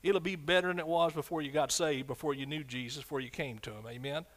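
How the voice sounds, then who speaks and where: A man preaching a fervent sermon as pastor, swinging from loud shouts to quiet, low asides. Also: fairly even intonation, fast talker.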